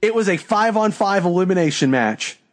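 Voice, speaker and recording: A young man co-hosting a casual podcast, venting in profane, exasperated rants. His voice sits a little high for a man, and the talk is loose and conversational. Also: expressive, normal speed. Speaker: podcast co-host. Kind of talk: casual chat.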